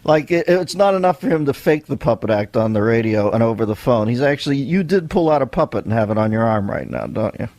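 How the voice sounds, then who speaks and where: A man's voice: medium pitch, expressive, quick pace, few pauses, darkish tone, dry recording. A male radio host bantering playfully with a comedian guest and laughing often.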